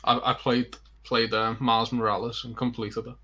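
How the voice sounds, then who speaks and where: A man's voice: mid-range voice, flat delivery, normal speed, sharp tone. A young man co-hosting a podcast with friends, chatting casually and teasing the others. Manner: teasing, jokey. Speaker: podcast co-host. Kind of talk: casual chat.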